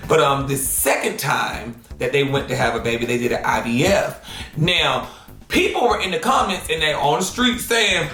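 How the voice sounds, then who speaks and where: A man hosting a drama commentary show, talking in a sassy, slangy, animated gossip style. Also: fairly high pitch, unhurried. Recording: roomy echo.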